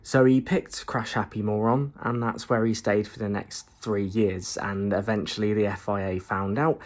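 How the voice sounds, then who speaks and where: A man's voice: on the low side, steady tone, normal speed. A man telling an absurd comic story in a dry, matter-of-fact way. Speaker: comedic storyteller. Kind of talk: deadpan comic monologue.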